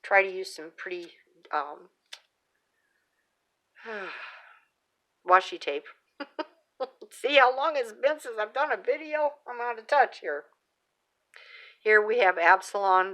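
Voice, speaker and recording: Speaking slowly with long pauses, a woman with a mid-range voice and a bright, forceful tone shows off handmade pieces on her craft channel. She's middle-aged and chats casually, with plenty of fillers and restarts.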